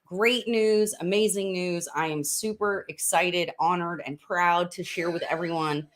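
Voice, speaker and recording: A woman's voice: lowish voice, steady tone, measured pace. A woman hosting a casual political chat at home, upbeat and chatty with frequent fillers. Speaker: podcast host and congressional candidate. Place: room in a house under renovation.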